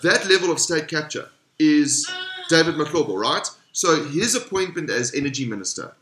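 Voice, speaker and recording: A man's voice: a little high, lively intonation, normal speed, a bit bright, slight background noise. A man co-hosting a casual podcast chat, rambling and crude-joking with his friends. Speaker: podcast co-host.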